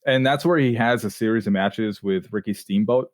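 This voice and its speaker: A man co-hosting a podcast, telling stories in a relaxed, chatty way with fillers. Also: lowish voice, normal speed, no echo, clean studio sound. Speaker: podcast co-host. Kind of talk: casual chat.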